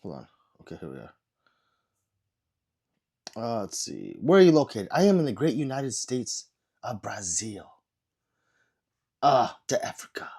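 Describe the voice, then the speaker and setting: A man who is sick, chatting casually on a livestream and reading viewer comments aloud with low energy. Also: sing-song, measured pace, vocal fry, pauses often, darkish tone, slightly rough.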